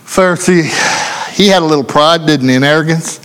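A man's voice: fairly high pitch, brisk, fairly bright tone, clean tone. A male preacher giving a sermon in earnest, repetitive rhetorical questions, speaking in a church. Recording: long hall reverb.

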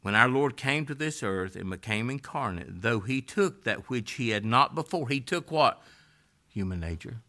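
A man preaching a sermon, swinging from loud rising exhortation down to hushed near-whispers. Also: mid-range voice, expressive, normal speed.

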